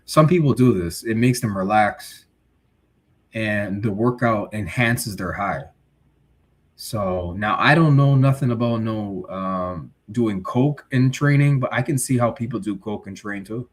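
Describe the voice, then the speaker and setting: A man's voice: fairly low pitch, a little slow. A male livestream host chatting casually, reading viewer comments and giving blunt, slangy takes. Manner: blunt, animated, street slang.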